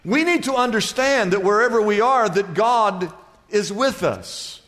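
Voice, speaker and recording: High-voiced preacher in a reverberant hall. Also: male voice, animated, unhurried, fairly bright tone. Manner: humorous storytelling preacher, asks the congregation for amens. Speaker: pastor. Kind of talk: sermon.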